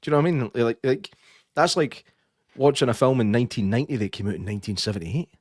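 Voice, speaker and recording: A man's voice: medium pitch, quick pace, a little mellow, no room sound, clean studio sound. A man co-hosting a podcast in casual chat, joking around and swearing freely. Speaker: podcast co-host.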